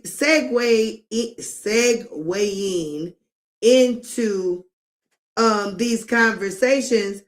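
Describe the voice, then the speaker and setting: A middle-aged woman hosting a live commentary stream, talking emphatically and drawing out words, with frequent laughs. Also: fairly high pitch. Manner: emphatic, drawn-out, laughs often.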